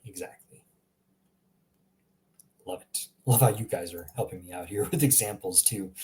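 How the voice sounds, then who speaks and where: Relaxed man teaching pronunciation. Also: low voice, normal speed, pauses often. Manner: relaxed, chatty, laughs often, reacts to viewer examples. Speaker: language teacher. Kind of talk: casual live language lesson.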